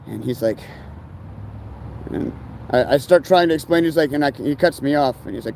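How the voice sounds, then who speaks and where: A man rambles in a laid-back, meandering way, leaning on fillers and casual slang. His voice sits a touch high but sounds soft and mellow. Faint outdoor traffic noise hums behind him. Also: animated, normal speed, vocal fry, long pauses.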